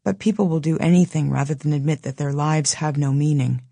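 A woman reads a novel aloud in the first person with a low, husky voice. Her delivery is measured and low-key with a wry edge. The recording is close and dry. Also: fairly even intonation, dark tone, dry recording. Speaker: audiobook narrator. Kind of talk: scripted first-person narration.

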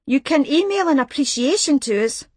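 A jittery young trainee reporter , as a woman narrator voices her, whose polite phone replies jump up high when she is caught off guard. The voice is close and dry. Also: lively intonation, moderate pace, a little mellow, no room sound. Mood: flustered. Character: nervous young female trainee journalist. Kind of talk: audiobook reading.

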